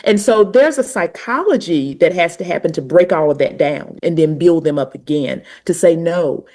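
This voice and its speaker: Southern-accented woman, low and earnest. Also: lively intonation, moderate pace, warm tone. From Southern United States, North Carolina. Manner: reflective, explanatory, emphatic. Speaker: guest, language educator. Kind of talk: conversational interview.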